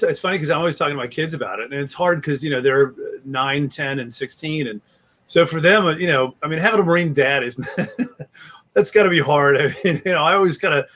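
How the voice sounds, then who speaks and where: A slightly high-voiced American man in his forties appears as a guest author in a casual interview, telling rambling stories and sliding into animated impressions.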